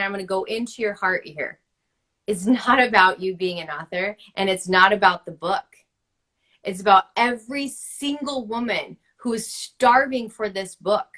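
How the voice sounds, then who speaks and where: Over a video call, a thirty-something book-writing coach hosts a spiritual coaching session with a guest. She speaks in a mid-range, sharp-toned voice, emphatic and passionate, leaning heavily on "like."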